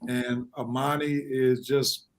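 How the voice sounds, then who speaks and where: A man's voice: medium pitch, little pitch movement, takes it slowly. A man hosting a casual sports talk show, speaking with emphatic, preacher-like delivery. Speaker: show host.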